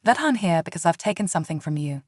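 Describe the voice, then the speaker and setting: A woman's voice: fairly low pitch, lively intonation, fast talker, darkish tone, dry recording, studio quality. A woman narrator voicing a composed woman politician, speaking steadily. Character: calm, dignified woman politician.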